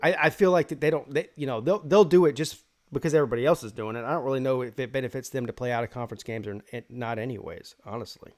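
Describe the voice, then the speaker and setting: A man's voice: mid-range voice, fast talker, few pauses. A man hosting a live college football call-in show, giving his opinions in rambling casual talk full of restarts.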